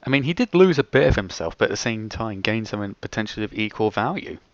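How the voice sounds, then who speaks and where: A man's voice: on the low side, lively intonation, fast, highs cut off. A man in a casual chat with a friend, wry and chatty, adding dramatic detail to ideas.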